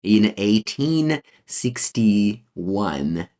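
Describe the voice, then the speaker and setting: Italian-accented male streamer, low voice, rambling game commentary full of ums. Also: big pitch swings, very slow, mellow. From Italy. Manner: rambling, many fillers and restarts. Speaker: streamer playing a card game. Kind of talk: casual gameplay commentary, answering chat.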